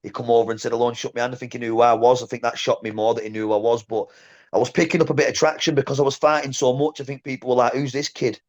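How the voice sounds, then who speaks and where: A man, a former boxer telling stories in a casual interview, blunt and animated, often saying "mate". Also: medium pitch, racing, muffled recording. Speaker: guest, former boxer and coach.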